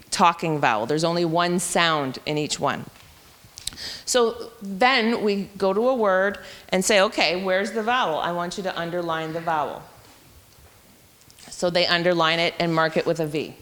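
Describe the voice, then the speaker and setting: At a professional development session held in a large hall, a woman teacher walks through a reading intervention program one step at a time. Her voice is lowish and a bit bright, and she explains the teaching steps methodically.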